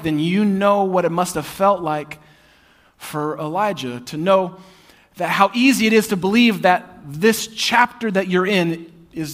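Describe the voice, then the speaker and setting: Guy pastor preaching, highish voice, chatty and joking then gets quiet and intense. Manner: conversational and humorous, shifting to hushed intensity. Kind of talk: sermon. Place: church.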